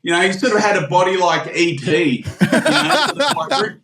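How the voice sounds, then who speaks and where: A man's voice: sits high, big pitch swings, normal speed, bright, forceful tone. A man in his forties with an Australian accent, calling in to tell a story, laughing and swearing as he acts out the voices in his yarn. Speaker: caller. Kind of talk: casual storytelling. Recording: echoey call-in line with faint noise.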